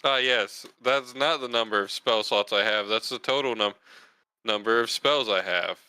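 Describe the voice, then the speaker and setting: Male player, casual teasing banter, bright forceful tone, crisp and clear. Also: lowish voice, normal speed, poor audio. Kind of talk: casual chat during a tabletop game.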